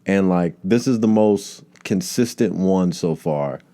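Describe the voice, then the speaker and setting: A man's voice: deep voice, measured pace, warm tone. A male comedian hosting a solo podcast, rambling from tangent to tangent and swearing casually.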